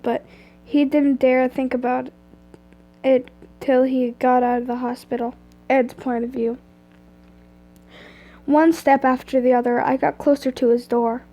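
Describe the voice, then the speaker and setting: A young woman with a cold reads a story aloud, clearing her throat and breaking off into casual chatter between passages. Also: high-pitched, warm tone, low-quality recording. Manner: chatty asides that break off the reading. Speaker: fan fiction reader. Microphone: phone screen recording.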